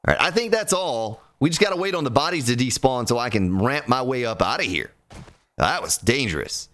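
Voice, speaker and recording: A hoarse man giving excitable live-stream commentary while playing a survival game, exclaiming often and breaking into snatches of song. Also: medium pitch, fairly quick.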